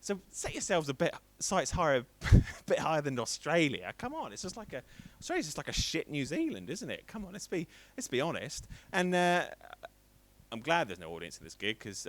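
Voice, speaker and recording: A man's voice: mid-range voice, fairly bright tone. A man in his thirties doing a rambling, self-deprecating stand-up set on a stream. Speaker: stand-up comedian.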